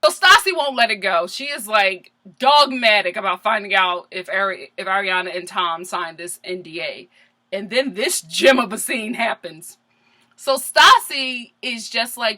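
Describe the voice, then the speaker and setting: A woman's voice: medium pitch, normal speed, sharp tone. A young woman giving a sassy, comedic recap of a reality show, laughing often and repeating her punchlines. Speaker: vlogger reviewing a reality show.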